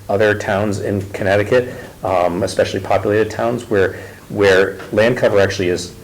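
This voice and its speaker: A man giving a presentation at a town meeting, halting, with many ums and restarts. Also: sits low, a little hiss or hum, poor audio. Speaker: ecological consultant presenting.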